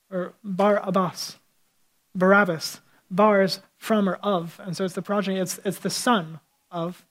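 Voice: medium pitch, poor audio. A pastor preaching a sermon in an impassioned way, rising to fervent emphasis.

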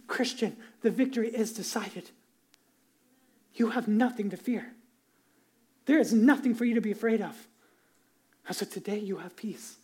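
A male pastor in his thirties delivering a sermon with a warm, mellow tone. He speaks earnestly and conversationally, telling stories to his congregation. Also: high-pitched, moderate pace, pauses often, breathy edge.

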